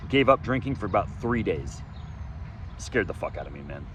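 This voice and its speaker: Low-voiced man, lively and profane. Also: normal speed, background noise. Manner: profane, swings between loud emphasis and low muttering. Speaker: vlogger sharing his recovery story. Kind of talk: candid monologue. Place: outdoors, sunny day.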